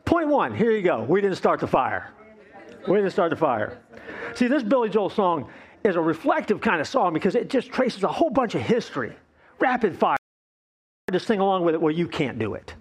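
A man's voice: high-pitched, very animated, normal speed, breathy edge. A middle-aged man preaching a sermon as pastor, conversational and joking.

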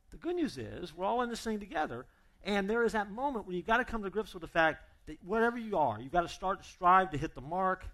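A man preaching a sermon as pastor, humorous and emphatic, acting out both sides of imagined conversations. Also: sits high. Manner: animated and emphatic.

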